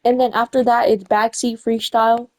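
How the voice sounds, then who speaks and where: A woman's voice: on the high side, flat delivery, normal speed, low-quality recording. A young woman chatting casually while gaming, rambling through a story and often correcting herself and losing her place. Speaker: gamer retelling a story.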